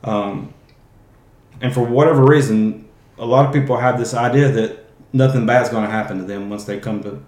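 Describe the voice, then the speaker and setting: A man's voice: mid-range voice, steady tone, normal speed, darkish tone, echoey room. A man hosting a casual Bible teaching podcast, talking conversationally and often restarting his phrases. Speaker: podcast host.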